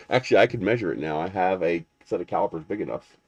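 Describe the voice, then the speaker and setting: A man's voice: lowish voice, dull audio. A man hosting a live stream, chatting casually and rambling as he unboxes a printer and answers viewers. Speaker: 3D printing livestream host.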